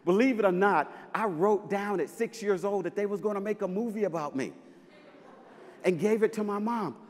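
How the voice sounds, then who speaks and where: A high-pitched man speaking live on a festival stage, playful and punchy, with sudden loud bursts for emphasis. His voice rings out with a long hall reverb trailing behind it. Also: normal speed. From Mississippi, US. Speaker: basketball coach giving a talk. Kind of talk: live inspirational stage talk. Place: large festival venue with audience.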